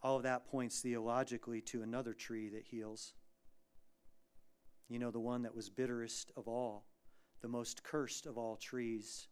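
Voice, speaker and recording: A man preaching a sermon as pastor, dynamic, moving between hushed lines and loud, emphatic bursts. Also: medium pitch, level tone, unhurried, clean tone. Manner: acts out quoted prayers and voices.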